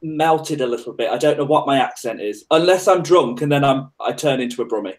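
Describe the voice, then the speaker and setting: A man's voice: medium pitch, a little fast. A man from Birmingham, a fellow YouTuber, chatting on a video call in an easygoing, friendly and blunt way. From Birmingham, England. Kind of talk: casual live-chat conversation.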